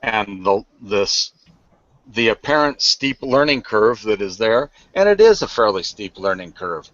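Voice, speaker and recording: A man joining a live online hangout as a guest, halting with many fillers as he patiently explains. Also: on the low side, big pitch swings, a bit bright, no room sound, dull audio.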